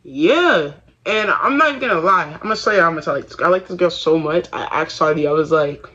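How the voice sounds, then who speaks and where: A young man tells his story in a loose, slang-heavy, rambling way, stopping and restarting his sentences. His voice sits a little high and sounds sharp and bright. The sound is dull and lo-fi. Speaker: vlogger. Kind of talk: casual confessional talk.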